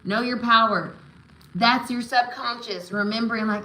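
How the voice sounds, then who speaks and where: Bright-voiced woman reading tarot live. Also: on the high side, normal speed, roomy sound, low-quality recording. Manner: affirming, says "right?" and "okay?" often; emotional, spiritual encouragement. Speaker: tarot reader.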